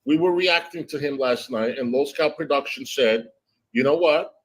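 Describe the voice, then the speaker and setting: A woman's voice: extremely low pitch, normal speed, husky, low-quality recording. A woman hosting a gossip livestream, chatting casually in a sassy way and calling people honey and darling. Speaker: livestream host.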